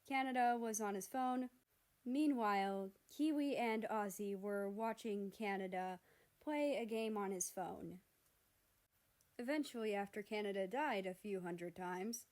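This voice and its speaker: A woman narrating fan fiction aloud in a steady, measured storybook reading. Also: medium pitch.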